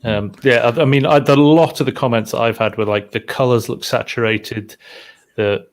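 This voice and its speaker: Male co-host talking casually about a game, unsure and thinking out loud. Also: medium pitch, fairly even intonation, moderate pace. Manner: speculative, hedging, trails off. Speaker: co-host, farming game streamer. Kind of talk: casual chat.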